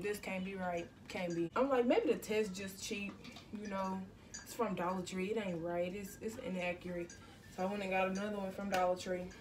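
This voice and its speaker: Teen girl vlogger, casual storytime, slangy and animated, mid-pitched, a bit off-mic. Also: distant mic, slight background noise.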